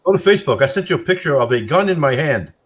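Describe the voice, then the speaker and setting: A man in casual banter, loud and mocking, swearing often, whose voice jumps up when he rants. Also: on the high side, expressive, quick pace. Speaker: streamer reacting to chat.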